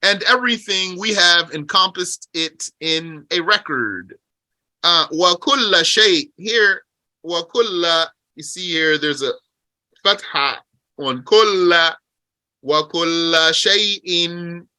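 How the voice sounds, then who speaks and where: A man teaching a religious text. He reads Arabic passages quickly, then explains them slowly in English and asks rhetorical questions along the way. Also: high voice, pushed and bright, no echo. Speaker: teacher explaining a Qur'an commentary.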